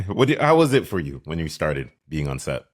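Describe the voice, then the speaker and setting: A man's voice: a bass voice, very animated, brisk. A man hosting a podcast, affirming his guest and asking long, rambling questions. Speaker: podcast host. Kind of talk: casual interview talk.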